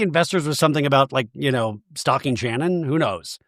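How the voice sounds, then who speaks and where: A man's voice: mid-range voice, brisk, a bit bright, no room sound, clean studio sound. A man hosting a podcast, recapping a show with wry, sarcastic asides. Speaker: podcast host. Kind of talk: comedic episode recap.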